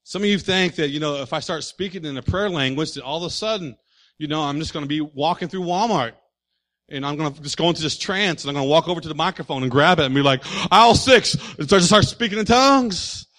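A man preaching a sermon as pastor, animated and full of rhetorical questions to his congregation. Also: fairly high pitch, quick pace.

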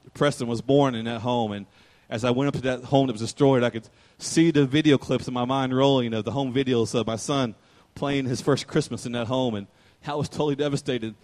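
A man's voice: medium pitch, a little mellow. A man preaching a sermon as pastor, emotional and rising to fervent preaching.

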